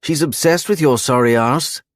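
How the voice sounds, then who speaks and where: A taunting young aristocrat bully, voiced by a male narrator with a higher, jeering edge. He needles and gloats at every turn. The recording is dry and close. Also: normal speed, no room sound, natural voice. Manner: sneering, taunting.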